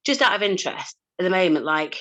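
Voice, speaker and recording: A woman's voice: lowish voice, lively intonation, fast, pushed and bright, dull audio. A woman coach talking casually to a group, chatty, with frequent laughs and fillers and casual swearing. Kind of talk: casual talk to a live group.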